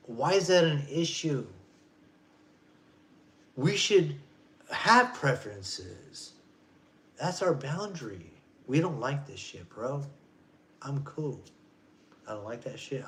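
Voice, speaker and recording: A man's voice: fairly high pitch, lively intonation, takes it slowly, pauses often, a bit bright. A man in his forties ranting casually on a vlog, rambling and profane, in loose street slang. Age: 40s. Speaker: vlogger. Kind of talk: casual rant.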